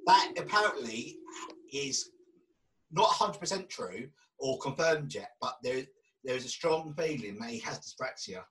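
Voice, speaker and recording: A man's voice: mid-range voice, lively intonation, moderate pace, a bit bright, recorded from a distance, low-quality recording. A podcast host asking questions in a casual, hesitant way and often repeating his words. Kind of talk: casual interview.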